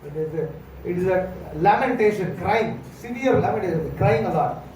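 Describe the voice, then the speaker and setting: A man's voice: high voice, expressive, moderate pace. A man from South India with a South Indian accent gives a morning lecture, telling stories and acting out dialogue with many fillers. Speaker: monk lecturer. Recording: echoey hall, far from mic, faint hum.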